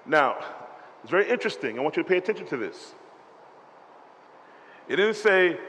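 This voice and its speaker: A man preaching a sermon as pastor, animated and rhythmic, calling out to the congregation to respond. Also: high voice, normal speed, long pauses. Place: church sanctuary. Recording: reverberant hall with faint ambience.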